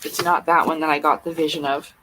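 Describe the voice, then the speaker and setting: A woman's voice: sits low, flat delivery, fast talker, bright, forceful tone, slight background noise, low-quality recording. A woman hosting a livestream, thinking aloud in a flustered, muttering way as she searches for something. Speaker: livestream host. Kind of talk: unscripted livestream talk to herself while searching a book.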